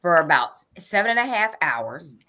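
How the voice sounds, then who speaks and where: A woman's voice: lowish voice, big pitch swings, normal speed, pushed and bright. A middle-aged woman casually telling an anecdote, animatedly acting out her own quoted thoughts. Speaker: guest storyteller.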